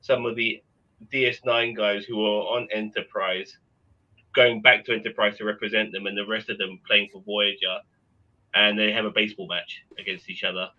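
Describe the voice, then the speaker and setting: A man's voice: on the low side, little pitch movement, moderate pace, dull audio. A man chatting enthusiastically and at some rambling length on a live panel. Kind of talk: casual live panel chat.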